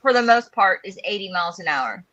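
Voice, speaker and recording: A woman's voice: mid-range voice, lively intonation, a little fast, pushed and bright, rough recording. A woman from South Dakota in a casual group chat, explaining things in a matter-of-fact way.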